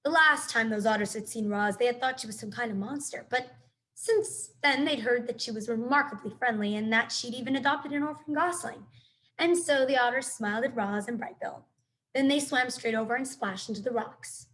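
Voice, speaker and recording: A woman teacher reads a children's storybook aloud. Her narration is clear and expressive, in a slightly high voice. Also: moderate pace, poor audio.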